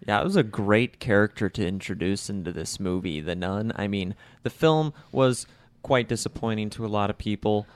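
A man's voice: lowish voice, moderate pace, few pauses, no echo. A man co-hosting a podcast, adding short remarks in casual film talk. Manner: short agreeing interjections, dry remarks. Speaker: podcast co-host.

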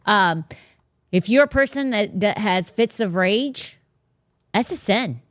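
A woman's voice: mid-range voice, lively intonation, takes it slowly, no echo. Blunt, emphatic woman podcast host. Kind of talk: casual faith talk.

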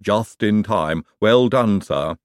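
A terse, blunt lab servant who lisps, voiced by a man reading an audiobook. His lines come out short and firm, in a low voice with an animated lilt. The sound is dry and close. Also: slow, no echo. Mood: brisk. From Uberwald. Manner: lisping, blunt. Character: gruff, loyal male lab servant with a lisp.

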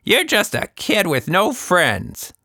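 A cranky older woman snaps in a high, strained voice, as a male storyteller puts her on. Her words come slow and drawn out. It is a storybook reading in a dry room. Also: wildly swooping pitch, vocal fry, sharp tone, no echo, full character voice. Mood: furious. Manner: high, strained, shrill in anger. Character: older woman, cranky, hooked on a phone game.

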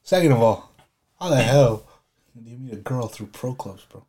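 A man's voice: medium pitch, expressive, moderate pace, mellow, slight background noise. A man co-hosting a casual podcast, laid-back and swearing freely, calling his friend bro. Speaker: podcast co-host. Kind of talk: casual chat.

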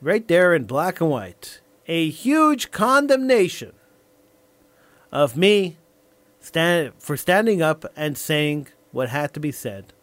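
Male radio talk host; fiery, repetitive monologue; high, very lively pitch. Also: takes it slowly, no room sound. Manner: emphatic, repeats lines for effect.

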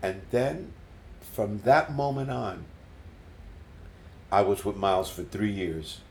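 An older man being interviewed as a musician, telling stories in an animated way and repeating words as he recalls them. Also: lowish voice, takes it slowly, creaky, a little hiss or hum. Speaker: guest musician. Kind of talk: casual storytelling interview. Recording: roomy echo.

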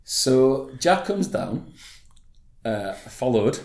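A man's voice: medium pitch, big pitch swings, drawn-out words, gravelly, a little mellow, echoey room. A man co-hosting a casual podcast chat, laid-back and sweary. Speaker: podcast co-host. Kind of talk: casual chat about wrestling.

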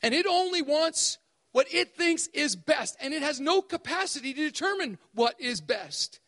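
Animated man preaching in an echoey hall. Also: very high-pitched, normal speed. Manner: animated, acts out voices for effect. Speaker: speaker at spiritual emphasis days. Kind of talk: sermon.

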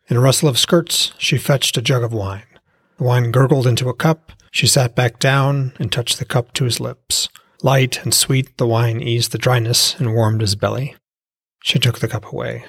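A man reading his own fantasy novel aloud as a podcast narrator, in a measured storytelling manner. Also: mid-range voice, steady tone, gravelly, breathy edge, no echo, clean studio sound. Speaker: author and podcast reader. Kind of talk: audiobook narration with commentary.

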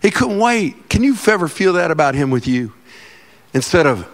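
A male pastor preaching a sermon in a church, joking with the congregation and breaking into loud, animated outbursts. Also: on the high side, normal speed. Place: church sanctuary.

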